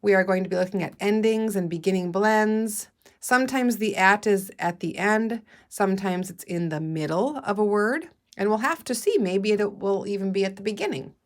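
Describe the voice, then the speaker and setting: A woman teacher leading a phonics lesson, slowly sounding out word parts and encouraging her young listeners. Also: medium pitch. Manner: encouraging, calls listeners "friends". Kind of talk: guided reading phonics lesson.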